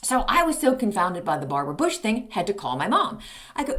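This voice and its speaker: A woman's voice: mid-range voice, big pitch swings, brisk, fairly bright tone. A woman in her fifties, a podcast host, telling a comedic story in a snarky, exasperated way.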